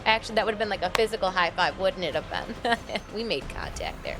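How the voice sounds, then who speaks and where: A woman's voice: mid-range voice, wildly swooping pitch, a little fast, music in the background. A woman streaming a game live, chatting in a bubbly, apologetic way with her viewers. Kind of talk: casual live-stream chat.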